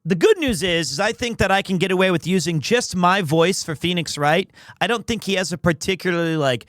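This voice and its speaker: A young man streaming live, chatting casually with his viewers in an animated, joking, self-deprecating way. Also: high-pitched, fairly quick, dry recording, clean studio sound.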